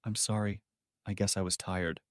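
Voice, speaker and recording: A man's voice: on the low side, very animated, moderate pace, fairly bright tone, no room sound, clean studio sound. A man voicing a sly young wife who talks in a coy, teasing way in an audiobook story. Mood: flat.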